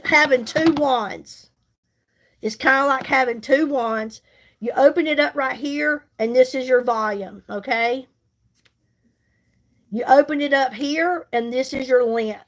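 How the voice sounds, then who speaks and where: A woman, chatting casually with viewers while she does her makeup on a livestream, folksy and reassuring. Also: sits high. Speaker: makeup livestream host and seller. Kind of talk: casual live chat while doing makeup.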